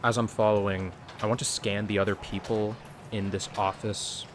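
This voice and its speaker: A man playing a polite businessman character in a tabletop game, measured and formal, laughing often. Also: on the low side, level tone, a little hiss or hum. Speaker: player.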